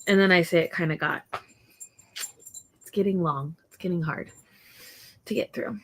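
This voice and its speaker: A woman's voice: on the low side, fairly even intonation, normal speed, pauses often. A young woman hosting a casual livestream from her home, chatting in a rambling way with viewers and stopping now and then to talk to her dog. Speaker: livestream host.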